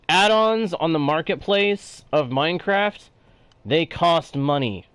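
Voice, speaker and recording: A man's voice: fairly high pitch, expressive, slow, a bit bright, clear, resonant tone, no room sound. A man with a Texan-sounding drawl, live-streaming a block-building game and chatting with viewers as he explains his build step by step. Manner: talks through building steps, reads chat aloud. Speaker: gaming streamer.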